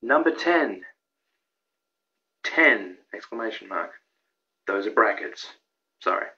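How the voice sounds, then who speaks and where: Rambling excitable young man. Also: fairly low pitch, slow, lo-fi sound. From Australia. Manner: rambling and excitable, with many restarts and fillers. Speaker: YouTuber presenting a countdown of his own videos. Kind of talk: casual vlog commentary.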